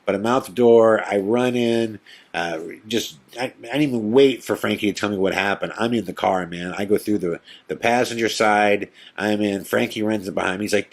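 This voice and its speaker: Man, podcast host, casual storytelling, low voice, animated quotes. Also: normal speed. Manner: animated storyteller, acts out quotes in a whisper and excited high voice.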